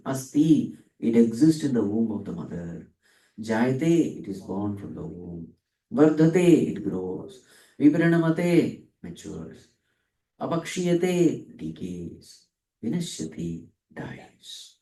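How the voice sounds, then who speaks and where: A man with a medium-pitched, dark voice and big pitch swings leads a spiritual discourse on Vedanta. He asks and answers his own questions and stretches out Sanskrit words slowly, heard from a distance in an echoey space.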